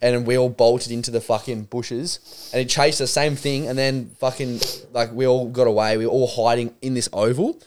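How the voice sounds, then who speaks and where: A man's voice: medium pitch, fairly even intonation, normal speed, a little mellow. Young man, Australian accent, laid-back storytelling, faint background hiss. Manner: laid-back, swearing, chuckling. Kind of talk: casual storytelling chat.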